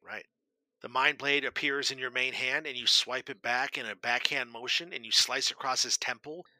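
A man's voice: medium pitch, no room sound, low-quality recording. A man narrating a tabletop game as game master, describing the action and calling for rolls. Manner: steady, descriptive narration with brisk rule calls.

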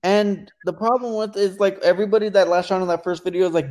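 Animated man telling a story. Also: sits high, a little fast, few pauses. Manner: animated storytelling, acts out quotes. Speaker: podcast co-host. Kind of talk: casual commentary chat.

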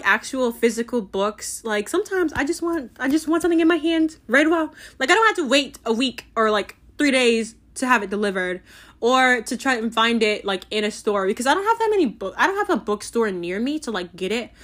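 A teenage girl gushes through a casual book review, her voice sitting a little high. She rambles and giggles, piling on fillers as she talks. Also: fairly bright tone. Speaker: book vlogger.

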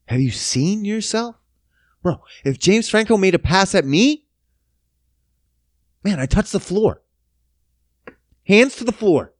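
A man's voice: a little high, sing-song, measured pace, pauses often, dry recording, studio quality. Profane, sarcastic ranting man. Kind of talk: casual rant.

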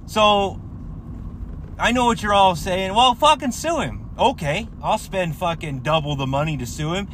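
A man's voice: high voice, lively intonation, measured pace, a bit bright, a little hiss or hum. A man who works as a contractor, telling a story in a heated, profane rant full of swearing and restarts. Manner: rambling, with many fillers and restarts.

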